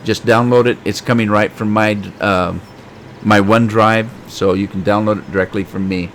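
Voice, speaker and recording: A man's voice: on the low side, fairly even intonation, moderate pace, a little hiss or hum. A middle-aged man live-streaming a farming game, chatting and joking as he reads the chat aloud.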